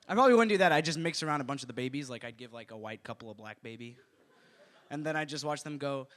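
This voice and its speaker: A man performing stand-up comedy at an open mic, acting out characters in high voices. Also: expressive, quick pace, fairly bright tone. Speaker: stand-up comic. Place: small comedy venue.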